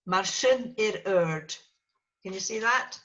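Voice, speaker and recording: A woman's voice: medium pitch, takes it slowly, a bit bright, highs cut off. A woman teaching a small class, patiently repeating each word for students to echo. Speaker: Gaelic teacher. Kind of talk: language lesson with a small class.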